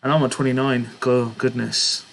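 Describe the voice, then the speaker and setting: A man's voice: medium pitch, little pitch movement, normal speed, vocal fry. A young man hosting a casual live stream, reading out viewers' chat messages and answering them in a chatty way, often laughing. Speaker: livestream host answering chat.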